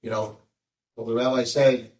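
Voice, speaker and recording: An older man, a rabbi, tells a story to an audience in an animated way and acts out the voices of the people in it. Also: medium pitch, normal speed. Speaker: rabbi giving a talk. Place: lecture room with audience. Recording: echoey room, mic at a distance.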